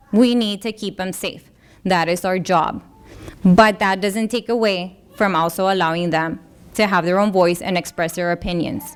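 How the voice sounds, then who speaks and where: A woman's voice: mid-range voice, smooth. A woman giving an informal, earnest talk to parents, slipping into the voices of parents and children as she quotes them. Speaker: parenting workshop presenter.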